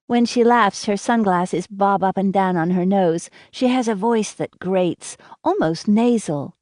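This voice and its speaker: A woman reading a first-person audiobook in an even, measured way. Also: mid-range voice, no echo, clean studio sound. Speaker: audiobook narrator.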